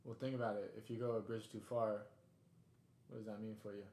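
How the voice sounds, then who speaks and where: A man's voice: lowish voice, flat delivery, fairly quick, mellow. A man co-hosting a casual podcast chat, rambling and laid-back, calling people dude and bro. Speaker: podcast co-host. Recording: roomy echo.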